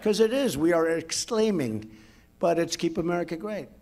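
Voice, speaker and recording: A man's voice: fairly high pitch, expressive, normal speed, darkish tone. A man in his seventies gives an off-the-cuff speech to a crowd, rambling, repeating himself and boasting in superlatives. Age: 70s. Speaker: speaker at a public event.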